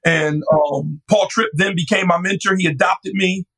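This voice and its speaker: A middle-aged male pastor recounting his story in an interview, animated and quick to act out voices. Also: high-pitched, husky, low-quality recording. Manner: animated, laughing, acts out voices.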